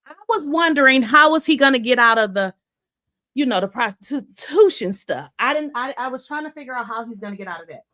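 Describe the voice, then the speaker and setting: A woman hosting a casual live chat, excitable and out of breath, talking straight to her viewers. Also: a little high, fairly quick. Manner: excitable, chatty, addresses viewers as y'all. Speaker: livestream host.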